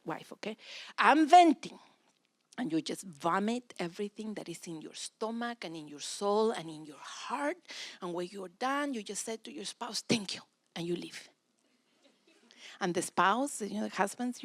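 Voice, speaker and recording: A middle-aged woman whose first language is Russian gives a church teaching talk on parenting, acting out children's complaints in lively storytelling. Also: medium pitch, no room sound.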